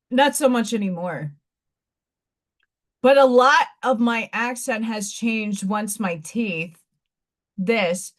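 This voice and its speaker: A woman with a fading Staten Island New York accent, chatting bluntly and rambling on her own live stream. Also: mid-range voice. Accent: faded Staten Island New York. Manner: blunt, rambling, frequent restarts. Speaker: livestream host. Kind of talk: casual live-stream chat.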